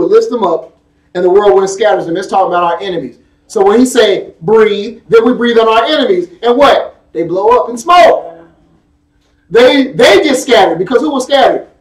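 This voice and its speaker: A pastor with a high-pitched, lively voice preaches a sermon at a brisk pace and reads scripture. He is emphatic yet conversational, drawing call-and-response from his congregation. The room is echoey and he is far from the mic.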